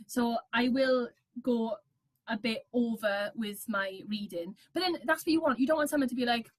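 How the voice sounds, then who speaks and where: A woman in her thirties with a high, bright-sounding voice talks casually over a video call. She is enthusiastic and laughs often as she chats. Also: moderate pace. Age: 30s. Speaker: guest. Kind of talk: casual chat.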